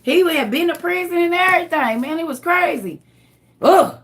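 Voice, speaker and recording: Woman vlogger telling a story to viewers, animated and emphatic, with a bright, punchy voice. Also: very high-pitched, a little fast. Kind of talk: casual storytelling.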